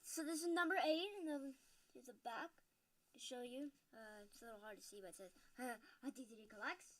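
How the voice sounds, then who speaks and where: A woman talking casually and softly, halting as she explains a gift. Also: fairly high pitch. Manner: soft-spoken, halting, explains as she goes. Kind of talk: casual chat.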